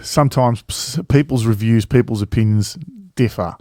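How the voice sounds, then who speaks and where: A man's voice: on the low side, normal speed, warm tone, no echo, studio quality. Rambling, swearing man in casual chat. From Australia. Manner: rambling, swears freely, many fillers and restarts. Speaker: travel vlog co-host.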